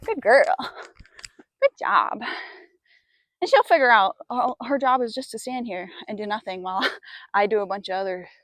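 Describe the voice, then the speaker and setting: A woman horse trainer wearing a clip-on mic, chatting casually to viewers while working a young horse. She keeps murmuring soft praise to the horse in between. The sound is close and dry, with almost no room echo. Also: on the high side, lively intonation, moderate pace, pauses often. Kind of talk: mic'd-up training commentary.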